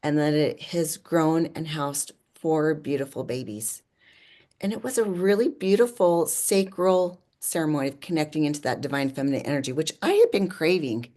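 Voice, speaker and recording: Woman guest, low register, chatty and animated storyteller, leans on "like," laughs often. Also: moderate pace. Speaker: podcast guest. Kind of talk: personal storytelling in conversation.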